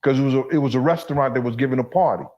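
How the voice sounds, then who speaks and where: A man's voice: medium pitch, rapid-fire, lo-fi sound. New guy telling street stories in an interview, keeps going "you understand?". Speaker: interview guest. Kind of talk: storytelling in an interview clip.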